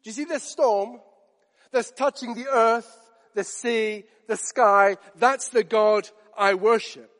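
A man preaching a sermon, dramatic, drawing out quoted lines slowly and softly for emphasis. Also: sits high, big-room sound.

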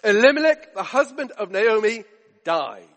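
A man's voice: high voice, sing-song, moderate pace, in a large hall. A man preaching a sermon, emphatic with rhetorical questions and repetition.

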